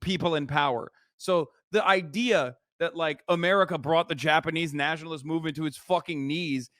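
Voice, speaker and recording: A man's voice: a little high, fairly even intonation, a little fast, fairly bright tone, dry recording, clean studio sound. A man streaming his reaction to a video, ranting animatedly and sarcastically with lots of swearing. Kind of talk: casual profane commentary.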